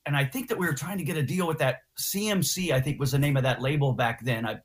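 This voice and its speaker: A guitarist guest telling stories in a casual interview, slangy and animated, acting out what others said. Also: male voice, fairly high pitch, fast talker. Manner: animated storyteller, slangy, acts out quotes. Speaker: guest musician.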